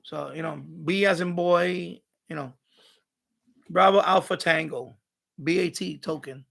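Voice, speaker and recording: High, gravelly man ranting on a live stream. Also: a little slow. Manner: animated, profane ranting with mocking asides. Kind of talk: rambling live-stream chat. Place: home radio room.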